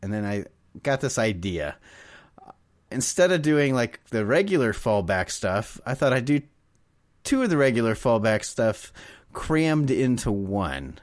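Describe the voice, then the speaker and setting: A man's voice: medium pitch, sing-song, measured pace, dry recording. Podcast co-host, male, rambly and giggly, dead-dry close mic. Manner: rambling, laughs often, trails off. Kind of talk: casual chat.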